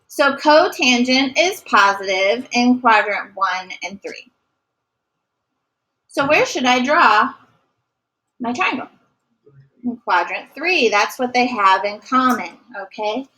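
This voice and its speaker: A woman teaching a math lesson, asking questions and answering them herself with quick praise, explaining each step slowly and carefully. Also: a little high, lively intonation, sharp tone, poor audio. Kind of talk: recorded classroom math lesson.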